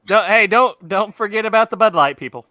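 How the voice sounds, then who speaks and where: A man's voice: high-pitched, a little fast, pushed and bright, no echo. A man co-hosting a podcast, talking in blunt, profane, opinionated casual chat. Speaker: podcast co-host.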